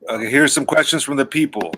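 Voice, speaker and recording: A man's voice: mid-range voice, quick pace, pushed and bright, a little hiss or hum. A man in a band, chatting casually and joking with bandmates, with loose, profane talk. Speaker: band member co-hosting a livestream. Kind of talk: casual chat.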